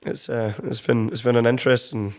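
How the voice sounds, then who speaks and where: Young scottish guy talking loose, lots of "like", swears a bit, mid-pitch voice. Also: little pitch movement, brisk, a little mellow. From Scotland. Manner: rambling, swears casually, lots of "like". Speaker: guest, country songwriter. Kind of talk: casual interview chat. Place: studio.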